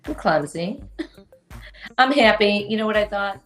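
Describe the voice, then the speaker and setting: A woman co-hosting a podcast, talking in a dry, low-key way. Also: expressive, measured pace, fairly bright tone, reverberant, faint music behind. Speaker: podcast co-host. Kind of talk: casual chat.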